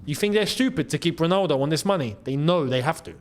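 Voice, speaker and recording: A male football channel host, talking casually to his audience, excitable and animated, repeating phrases and breaking into laughs. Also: on the high side, quick pace. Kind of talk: casual football commentary to camera. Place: in the Gulf region.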